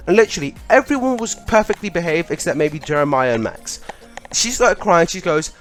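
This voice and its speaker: A man's voice: sits high, lively intonation, moderate pace, a bit bright, faint music behind. A young man casually telling a funny school story, laughing as he goes. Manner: chatty, laughing, lots of "like".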